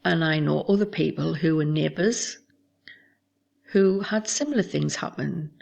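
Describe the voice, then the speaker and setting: A woman hosting a show, reading aloud from her memoir in a measured, somber way. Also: low voice, vocal fry, a little mellow. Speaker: host.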